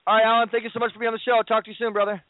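Rapid-fire and flat in delivery, a high-voiced man wraps up his radio talk show with eager, pleading plugs and playful banter. The recording is dry and tinny, like it's coming through a phone.

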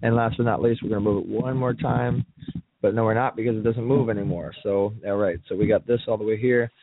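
Low-voiced man testing his mic. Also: steady tone, fairly quick, phone-quality sound, a little hiss or hum. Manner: loose, joking, counting and trying settings. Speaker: show host. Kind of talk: casual microphone test. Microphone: USB desk microphone.

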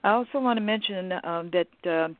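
A woman hosts a radio interview, pausing often and filling gaps with fillers. Her pitch sits in the middle range. The sound is dry and thin, like a phone line. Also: no echo. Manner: halting, many fillers. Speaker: radio show host. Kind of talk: interview hosting.

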